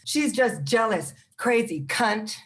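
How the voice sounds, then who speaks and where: A woman's voice: a little high, animated, slow. Woman reciting rhythmic spoken word. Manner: rhythmic, list-like delivery. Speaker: open mic poet.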